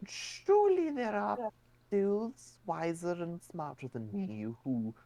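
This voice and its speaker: A man voicing a soft-spoken, wise fey host who talks in a slow, hushed, dignified way. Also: sits high, expressive, gravelly, voice pushed up, exaggerated voice. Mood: gentle modest.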